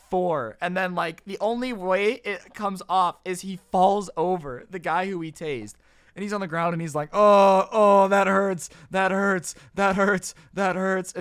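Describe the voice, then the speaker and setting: A man in his twenties telling a high school storytime to his channel in a casual, slangy way, tossing in bro and dude. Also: fairly bright tone, clean tone, no echo, clean studio sound. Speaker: YouTube storyteller.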